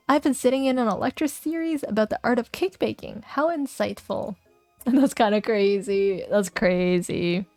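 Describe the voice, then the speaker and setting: A woman's voice: mid-range voice, measured pace, pauses often, darkish tone, no room sound, soft background music. A young woman streaming a game, chatting playfully and reading its text aloud, giggling often.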